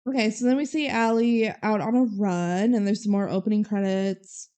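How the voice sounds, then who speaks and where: A woman's voice: mid-range voice, fairly even intonation, normal speed, dark tone, clean tone. Giggly young woman recapping a movie. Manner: chatty, giggly, quotes scenes in small acted voices. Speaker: podcast co-host. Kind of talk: casual movie recap chat.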